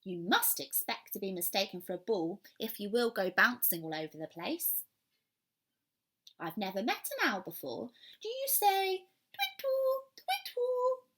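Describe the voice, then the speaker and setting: A bossy, matter-of-fact little girl who always has an answer, as a woman acts her out. Her voice is bright and high, with wide leaps in pitch. She speaks slowly, like a storybook character read aloud in class. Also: wildly swooping pitch, breathy edge, full character voice.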